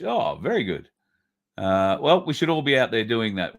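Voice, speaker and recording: This man hosts a livestream with a voice on the low side, very animated at normal speed. He reads viewer comments and rants bluntly, swearing, with sudden loud bursts.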